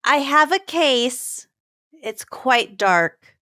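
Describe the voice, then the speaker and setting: Female co-host, higher and lively voice, laughs often, easygoing casual podcast banter. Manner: giggly, playful, quick to laugh.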